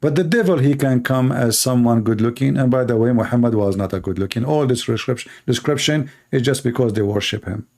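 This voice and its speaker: A man's voice: medium pitch, brisk, few pauses, darkish tone. A middle-aged man hosting a live debate stream, talking in a sarcastic, taunting way. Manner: sarcastic, taunting, breaks into parody singing. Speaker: live stream host debating Muslim callers. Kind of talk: casual mocking debate talk.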